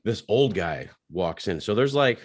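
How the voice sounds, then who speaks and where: A man co-hosting a podcast, telling profane bar stories in a casual, animated way and acting out the people in them. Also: lowish voice, a little slow. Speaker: podcast co-host. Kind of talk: casual storytelling chat.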